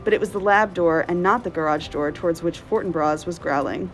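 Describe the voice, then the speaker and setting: A woman's voice: on the low side, brisk, soft background music, poor audio. Woman librarian reading a novel aloud.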